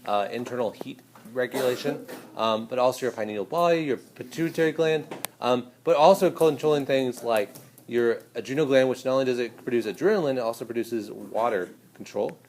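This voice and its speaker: Guy teaching a class, animated and hands-on, talking right to the students, roomy echo. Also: mid-range voice, brisk, a little hiss or hum. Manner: lively, hands-on, speaks directly to students. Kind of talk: classroom lecture.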